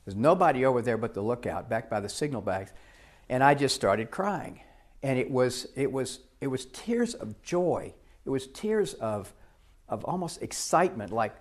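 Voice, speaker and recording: Older man, storytelling talk, animated, voices the people in his story, middle pitch. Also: normal speed. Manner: animated, acts out dialogue in the story. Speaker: speaker.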